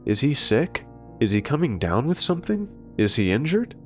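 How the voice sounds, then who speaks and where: A man's voice: medium pitch, very animated, normal speed, soft background music, pitched above the performer's own voice, lightly acted. A man voicing a worried father asparagus from a cartoon, asking anxious questions.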